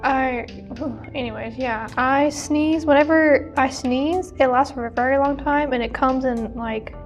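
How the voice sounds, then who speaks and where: A woman's voice: sits high, steady tone, unhurried, soft background music. A teenage woman co-hosting a podcast, chatting casually with frequent giggles and restarts. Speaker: podcast co-host. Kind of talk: casual chat.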